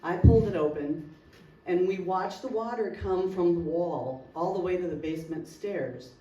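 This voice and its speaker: At a community meeting, a local woman tells an emotional personal story and acts out the dialogue vividly. Her voice is lowish, mellow and at normal speed, with dull audio from a distant mic in a roomy hall with faint noise.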